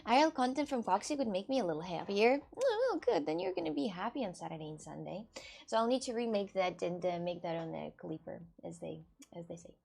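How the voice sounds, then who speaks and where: A woman's voice: mid-range voice, expressive, quick pace, creaky, darkish tone, slightly rough. A woman from Russia with a Russian accent, rambling chattily in loose non-native English on a casual livestream with viewers. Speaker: streamer.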